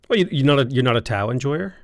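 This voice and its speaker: A man's voice: medium pitch, no room sound. A man chatting casually while gaming, with playful, nerdy teasing. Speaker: streamer.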